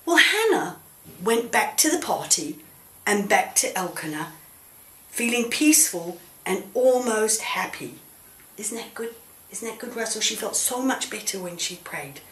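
A woman telling a children's Bible story in church, gently coaxing and asking questions of a puppet. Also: mid-range voice, big pitch swings, unhurried. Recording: roomy echo.

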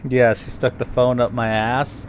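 A young man gaming with a friend, talking crude and profane, often laughing and shouting. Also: mid-range voice, level tone, unhurried, slight background noise. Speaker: gamer. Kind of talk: casual gameplay chat.

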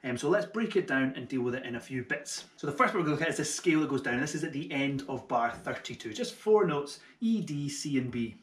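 A man at a medium pitch gives a double bass tutorial from a room that rings with reverb. He talks in an encouraging way, breaks each skill into small steps, and jokes about himself now and then. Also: expressive, quick pace, few pauses. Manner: friendly and encouraging, with light self-mocking jokes. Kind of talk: online music tutorial.

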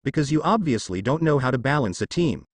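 A man reading the lines of a brash, loud teenage ninja boy in a fan fiction, with a lively, dry delivery. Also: mid-range voice, brisk, dry recording, close to an everyday voice. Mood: defiant. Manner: shouting, defiant.

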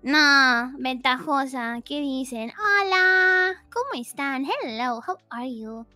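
Very high, bright, playful woman. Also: expressive, takes it slowly, soft background music. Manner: dramatic, giggly, mock-pleading. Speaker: VTuber guest. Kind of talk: playful livestream chat. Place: home streaming setup.

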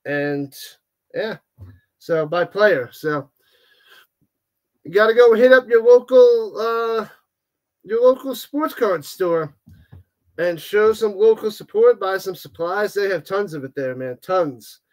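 A man hosting a live sports watch-party stream, chatting casually with viewers and reacting with animated groans and exclamations. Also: high voice, slow, long pauses. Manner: animated, exclaiming, groaning at bad card pulls. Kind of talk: casual livestream chat, reading viewer comments.

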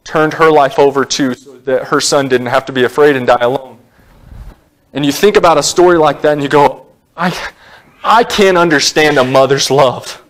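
A man's voice: medium pitch, fairly bright tone. A man, a pastor, preaching a sermon in a conversational storytelling way, with asides and small jokes.

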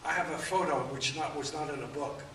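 A man's voice: on the high side, fairly even intonation, fairly bright tone. Rambling man in his eighties, echoey room. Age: 80s. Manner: rambling anecdotes, halting with frequent fillers. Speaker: author and guest. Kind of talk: storytelling at a book event. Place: event room. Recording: echoey room, distant mic, faint room noise.

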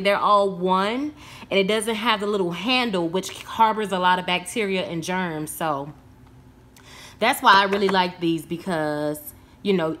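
Showing off what she bought, a woman chats to the camera from a room at home, gushing over bargains and calling her audience y'all. Her pitch sits in the middle range, and the recording has a roomy quality.

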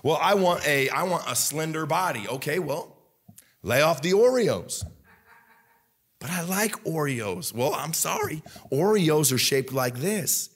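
Preaching with a Midwestern American accent, a male pastor shifts from low, earnest speech to loud, fervent bursts. His intonation is lively with a breathy edge, and his delivery halts often, full of restarts and fillers.

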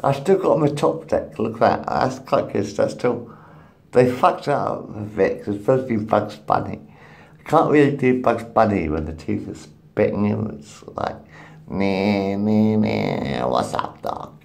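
A man in his fifties rambling in a profane solo monologue, swinging between muttered asides and loud outbursts. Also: on the low side, expressive, normal speed, gravelly. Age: 50s.

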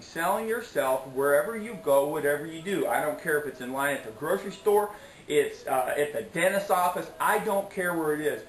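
A man's voice: fairly high pitch, roomy sound, a little hiss or hum, low-quality recording. A middle-aged man telling a story in a casual vlog, chatty and preachy, often tossing in "okay?" and "anyways". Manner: preachy, motivational asides. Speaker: vlogger.

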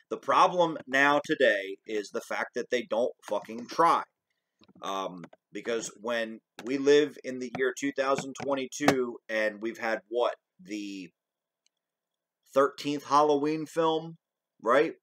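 Over a rough recording, this man's mid-range, fairly bright voice carries a hot-tempered, profane movie rant on his commentary video, circling back to the same points again and again.

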